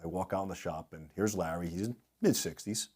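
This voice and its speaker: A middle-aged man with a fairly low voice talks as an interview guest. He tells lively anecdotes and slips into the voices of the people he quotes. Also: a little fast, breathy edge. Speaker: guest speaker, industry consultant. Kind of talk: storytelling in a podcast interview.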